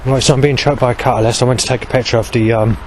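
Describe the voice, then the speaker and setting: A middle-pitched man in his forties delivers a rambling, aggrieved monologue outdoors beside a road. He restarts and repeats himself as his thoughts tumble out. A faint hum of passing traffic sits underneath. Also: fairly even intonation, very fast, rough recording. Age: 40s. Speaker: vlogger.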